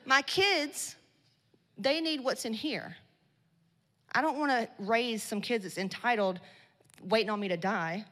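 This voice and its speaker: A woman's voice: fairly high pitch, measured pace, long pauses. Blunt, swearing woman in an echoing hall. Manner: blunt, swearing, slangy and loud in bursts. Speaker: speaker at a women's business event. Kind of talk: profane motivational talk to a live audience. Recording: long hall reverb.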